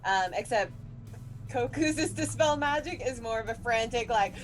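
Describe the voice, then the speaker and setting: A woman playing a tabletop game, talking casually, often laughing and thinking out loud. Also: a little high, animated, measured pace, music in the background. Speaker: player.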